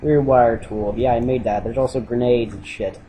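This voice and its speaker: A man's voice: medium pitch, steady tone, normal speed, dark tone, slight background noise, low-quality recording. A young man giving casual, joking let's-play commentary, rambling and sarcastic. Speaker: gamer commentating a playthrough.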